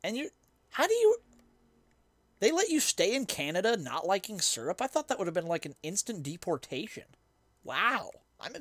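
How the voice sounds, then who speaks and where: A man's voice: a little high, no echo. A young man streaming a game, chatting casually with his chat in a rambling, self-mocking way and laughing easily. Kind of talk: casual chat while gaming and reading chat.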